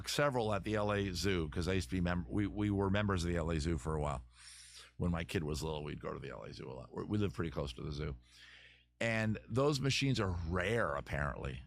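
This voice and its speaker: A man's voice: low voice, dry recording. A middle-aged man hosting a casual live stream, answering viewer comments in a rambling way, often restarting sentences and swearing casually.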